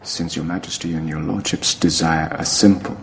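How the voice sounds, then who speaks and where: An actor playing a defiant male reformer on trial, declaring his stand slowly and solemnly, heard from a film clip played in a reverberant hall. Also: rumbling low, steady tone, gravelly, fairly bright tone, slight background noise, exaggerated voice. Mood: solemn defiance. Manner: slow, solemn, deliberate declaration.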